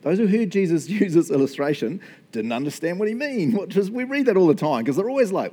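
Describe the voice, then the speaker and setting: A man's voice: sits high, sing-song, a little fast, dark tone. A man, preaching as a pastor, praying and then teaching in an earnest, enthusiastic way with frequent laughs. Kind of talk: sermon with spoken prayer.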